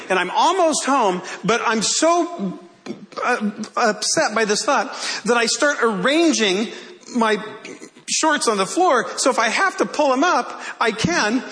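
A man's voice: high voice, pushed and bright. A male pastor preaching to his congregation, telling a self-deprecating personal story with humor.

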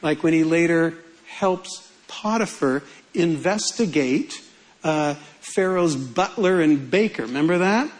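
A man's voice: fairly high pitch, expressive, measured pace, poor audio. A male pastor preaching a sermon in a humorous, conversational way.

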